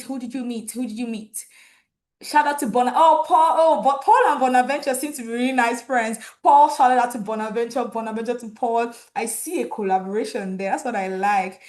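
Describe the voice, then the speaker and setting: A woman with a fairly high voice hosts an online graduation ceremony. She talks into a computer mic and keeps the energy up, reading out names from the comment feed with delight. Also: normal speed, darkish tone. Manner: enthusiastic, reads out viewer comments and names. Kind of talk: lively live-stream hosting.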